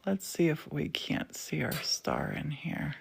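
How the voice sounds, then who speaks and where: A woman hosts a live studio stream in an unhurried, low voice, showering praise and chatting with her viewers. A faint hiss sits under her speech. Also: huge pitch swings, creaky. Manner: gushing, affectionate, talks to viewers. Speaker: livestream host. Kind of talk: casual live demo chat. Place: indoor glass fusing studio.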